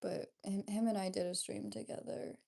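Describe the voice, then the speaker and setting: A young woman livestreaming, chatting casually and reading out viewer comments in an unhurried, drifting way. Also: mid-range voice, steady tone, vocal fry, dark tone.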